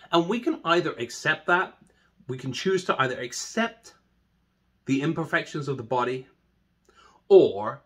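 Breathy-voiced man guiding a meditation. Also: medium pitch. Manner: chatty and self-deprecating, then a slow soft meditation voice. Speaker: meditation teacher. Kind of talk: guided meditation talk.

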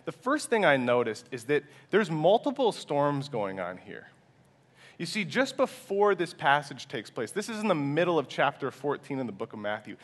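A man in his twenties gives a church sermon in an earnest, humble way. His voice sits at an ordinary middle pitch. He often backs up and restarts his sentences. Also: fairly bright tone. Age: 20s. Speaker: pastor.

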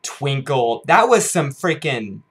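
A young man from the United States reviews a music video for his channel, gushing and exclaiming over and over. His voice sits at an ordinary middle pitch, jumping to loud bursts and then dropping to hushed awe. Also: sing-song, slow pace, slightly rough. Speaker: YouTuber reacting to a music video. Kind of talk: excited reaction vlog. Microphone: headphones on, camera mic.

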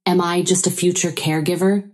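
A woman tells a first-person story aloud, keeping a steady storytelling delivery. Her voice sits fairly low for a woman. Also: brisk. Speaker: narrator.

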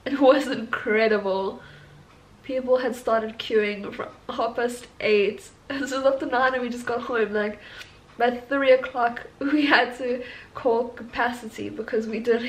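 A young woman records a personal vlog at home after a long day, her voice tearful and worn from crying. She talks slowly, pausing and breaking into small laughs through the tears. Her voice sits a little high, and faint background noise runs under it. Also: poor audio. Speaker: vlogger, tattoo studio owner.

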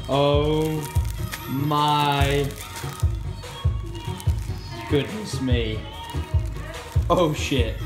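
A young man from England vlogging casually, excitable and swearing a lot, with bursts of shouting. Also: fairly high pitch. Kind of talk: casual vlog chat.

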